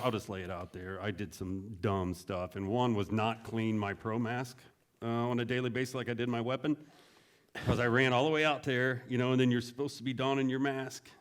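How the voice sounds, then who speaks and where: A middle-aged man, a veteran, telling stories in a casual way, often laughing and raising his voice to act out what others said. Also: on the low side. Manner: animated, laughing, acts out quotes in a raised voice. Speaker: veteran guest. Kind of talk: casual storytelling.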